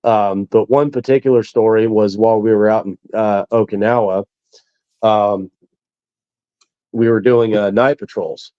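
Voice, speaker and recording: A man's voice: fairly low pitch, fairly even intonation, unhurried, no echo. A male military veteran telling stories in a casual interview, easygoing and chuckling as he talks. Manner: easygoing, chuckles through his anecdotes. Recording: dull lo-fi dry sound.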